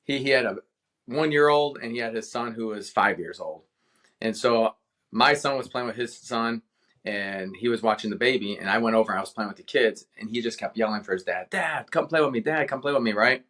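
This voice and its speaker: A man's voice: lowish voice, a little fast, fairly bright tone. Passionate male guest telling a story. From Cleveland, Ohio, USA. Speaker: guest author, retired veteran. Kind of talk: casual interview storytelling.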